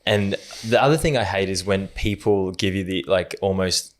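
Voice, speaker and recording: A young man chatting as a podcast guest, blunt and animated, swearing freely. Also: low-pitched, normal speed. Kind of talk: casual chat.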